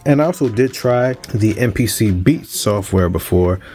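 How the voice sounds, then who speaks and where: A fairly low-voiced man in his thirties talks through a casual unboxing vlog. He sounds upbeat and conversational, with a producer's easy chatter. Faint music plays quietly underneath. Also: expressive, normal speed, breathy edge. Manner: upbeat, chatty, plugs his channel and sponsor. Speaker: music producer and channel host.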